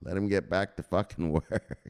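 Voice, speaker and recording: A man hosting a crypto news show as a casual livestream, hyped and profane, shouting out viewers. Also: deep voice, fairly even intonation, normal speed, smooth. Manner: talks straight to viewers, gives shout-outs. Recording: echoey room with long reverb.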